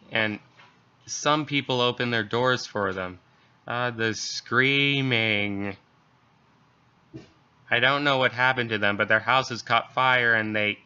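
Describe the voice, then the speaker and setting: A man voicing a terrified mother hiding and calling the police, in a hushed, panicked creepypasta reading. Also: mid-range voice, smooth. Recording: dull lo-fi recording.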